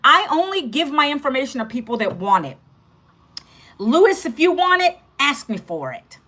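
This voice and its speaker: A woman's voice: high-pitched, sing-song, normal speed, pushed and bright. A woman in her fifties talking casually to viewers on a livestream, direct and chatty, checking in with "okay" and "guys". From United States. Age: 50s. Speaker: livestream host.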